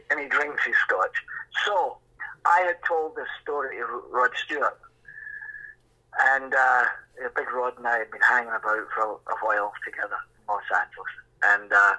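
A man in his sixties, a musician telling a lively story and acting out voices in the quotes. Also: lowish voice, slightly rough, low-quality recording. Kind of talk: anecdotal storytelling.

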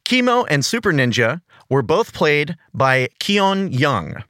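A man's voice: on the high side, sing-song, slow, fairly bright tone, no room sound, studio quality. A man co-hosting a casual podcast, enthusiastic and giggly as he talks through trivia. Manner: enthusiastic, giggly nerdy banter. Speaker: podcast co-host.

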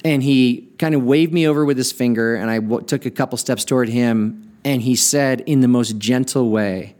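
Male podcast host, mid-pitched, earnest storyteller, slows down for emphasis. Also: darkish tone. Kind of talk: reflective podcast monologue.

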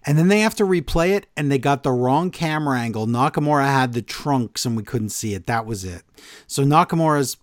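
A man co-hosting a wrestling podcast, talking in a casual, exasperated, animated way with quick asides. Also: mid-range voice, no room sound, clean studio sound. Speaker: podcast co-host.

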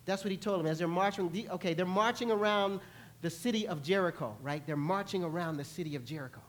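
Man, pastor, sermon, animated, playful, church sanctuary. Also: high voice, fast talker. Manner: animated, playful, acts out voices and laughs with the congregation.

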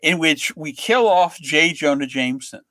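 A middle-aged man, a comic book writer guest, telling anecdotes in a lively way and acting out the lines of the people in them. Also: fairly high pitch, normal speed, no room sound. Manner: lively storyteller who acts out other people's lines.

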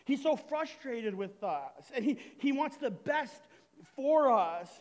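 A young man preaching a sermon, animated and conversational, asking his listeners "right?" again and again. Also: extremely high pitch, slow pace, in a large hall. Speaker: pastor. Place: church hall.

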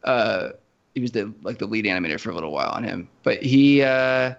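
A man co-hosting a podcast, chatting casually in a rambling, animated way, full of fillers and restarts. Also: fairly low pitch, a little fast, creaky, highs cut off. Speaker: podcast co-host. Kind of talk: casual chat.

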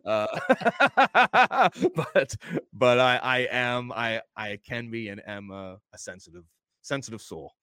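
Middle-aged guy, low smooth voice, earnest storyteller in a chatty interview. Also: fairly even intonation, a little slow, bright, forceful tone, dry recording, clean studio sound. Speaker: wrestler guest. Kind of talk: casual interview chat.

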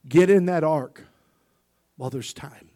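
High-voiced preaching man. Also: unhurried. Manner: impassioned preaching that swings from quiet storytelling to shouting. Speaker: pastor. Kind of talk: sermon.

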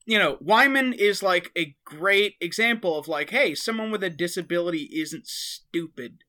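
A man's voice: high-pitched, moderate pace. A man co-hosting a podcast, talking casually with many fillers. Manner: relaxed, filler-heavy. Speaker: podcast co-host. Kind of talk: casual chat.

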